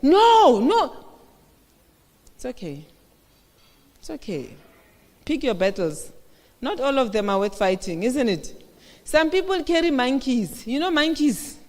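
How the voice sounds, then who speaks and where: Woman in an echoey hall. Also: sits high. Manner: conversational, asks the audience questions. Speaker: speaker at a women's conference. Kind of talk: motivational talk. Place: conference hall. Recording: echoey hall with long reverb.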